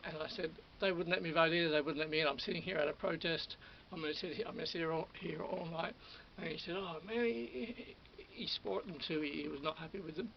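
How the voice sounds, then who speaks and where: A man's voice: fairly high pitch, creaky. A man telling a rambling personal story to camera, still worked up on adrenaline and quoting others as he goes, with lots of repeats and restarts. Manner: repetitive, restarts often, quotes others. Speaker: vlogger. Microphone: camera or phone mic. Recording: lo-fi audio with faint hiss.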